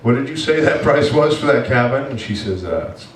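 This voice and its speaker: A man preaching as pastor, telling a story in an animated, self-mocking way and acting out his own complaints. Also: mid-range voice, fairly quick, slight background noise. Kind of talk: storytelling sermon. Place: church hall. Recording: echoey room from far off.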